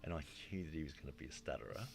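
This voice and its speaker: A man's voice: very deep voice, very fast, gravelly, a little hiss or hum. A man telling a long story in casual chat, acting out what people said and dropping in "you know" often. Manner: animated storyteller, acts out quotes, frequent "you know". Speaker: guest storyteller.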